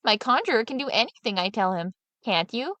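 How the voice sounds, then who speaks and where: A woman's voice: a little high, big pitch swings, brisk, a bit bright, no echo. A woman voicing a clever, scheming peasant man who talks in a sly, coaxing way, in a storybook reading.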